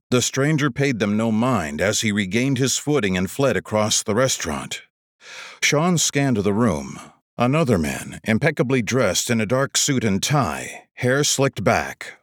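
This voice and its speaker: A man with a fairly low voice narrates an audiobook in a measured, expressive storytelling style. It's a clean studio recording with no room sound.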